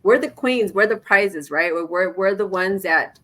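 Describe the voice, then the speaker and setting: A woman's voice: mid-range voice, normal speed. A woman in her forties hosting a podcast, telling stories in casual chat and stressing her points by repeating them. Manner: animated storyteller, acts out quoted dialogue. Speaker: podcast host.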